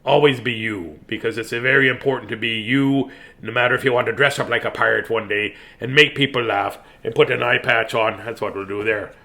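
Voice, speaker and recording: Hoarse, gravelly man playing pirate. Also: mid-range voice, steady tone, a little fast, pushed and bright. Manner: playful, silly, growling like a pirate. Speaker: bedtime story host. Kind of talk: casual bedtime sign-off to viewers.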